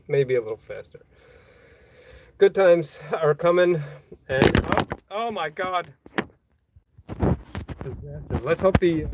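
This livestreaming vlogger, with a darkish, medium-pitched voice, chats from a boatyard through the phone in his hand. He reads out viewers' comments, rambling, chuckling often and making light of himself.

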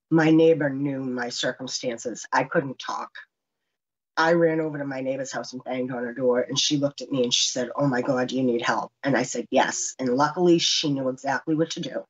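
A woman's voice: deep voice, lo-fi sound. A woman in her fifties telling her own survival story earnestly, acting out what people said to her. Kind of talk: personal testimony.

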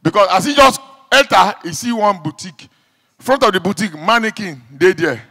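A Nigerian Pidgin-speaking comedian with a high, bright voice that leaps all over its range. He acts out every character and shouts the sound effects. The long reverb of a live hall trails behind him. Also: expressive, a little fast. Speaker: stand-up comedian. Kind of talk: stand-up comedy routine.

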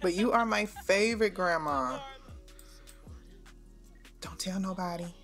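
A woman's voice: lowish voice, unhurried, fairly bright tone, faint music behind. A woman voicing an eager young man who pleads with and sweet-talks his grandmother.

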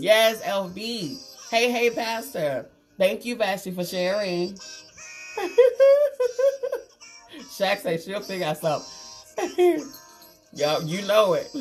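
A woman, hosting a casual makeup livestream and chatting warmly with viewers. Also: fairly low pitch. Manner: chatty, reads viewer comments aloud, calls them girl and honey. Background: faint Christmas music.

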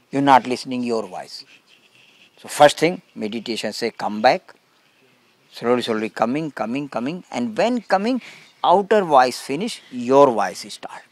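Man, spiritual teacher, mid pitch, very slow, dry close sound, simple broken English, repeats phrases for emphasis. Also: no room sound. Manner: calm, emphatic contrasts. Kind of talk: spiritual talk to a gathering.

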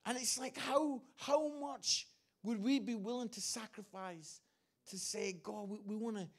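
English guy preaching, tells it earnestly, kinda gravelly fry in the voice. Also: sits high, measured pace. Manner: earnest storytelling, repeats phrases, acts out quotes. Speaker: guest preacher. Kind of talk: sermon.

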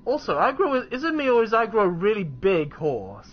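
A young man with a high voice talks his way through a video game, chatty and rambling, often tripping over his words and starting again. His mic sounds dull and lo-fi, with faint game music under him. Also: wildly swooping pitch, a little fast, breathy edge. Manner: chatty, rambling, with frequent restarts and fillers. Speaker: let's play gamer. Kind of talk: casual gameplay commentary.

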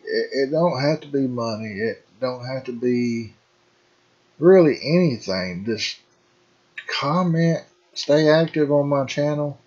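A man's voice: medium pitch, slightly rough, lo-fi sound. A middle-aged man hosting a gaming channel, talking in a rambling, folksy way and calling his viewers folks. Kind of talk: casual farming game commentary.

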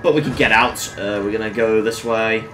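A man's voice: on the low side, fairly even intonation, brisk, pushed and bright, faint music behind. A man giving casual let's-play commentary, chatty and swearing, with lots of fillers and laughing at his own jokes. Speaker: gamer.

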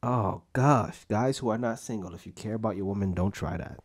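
A young man running a podcast delivers a casual, profane rant full of jokey anecdotes and sudden pitch jumps. He talks slightly fast in a somewhat rough voice.

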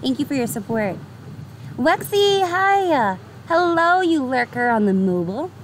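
Young New York woman, high-pitched bubbly streamer; outdoor pier, heavy traffic noise. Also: sing-song, measured pace. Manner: bubbly, upbeat, greets chatters by name, laughs often. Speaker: livestreamer. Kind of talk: casual live-stream chat with viewers.

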